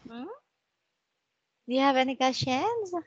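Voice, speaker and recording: A woman teaching a one-on-one online English lesson, speaking slowly and encouragingly and modelling words for the student to repeat over a video call. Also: high voice, animated, no room sound, lo-fi sound.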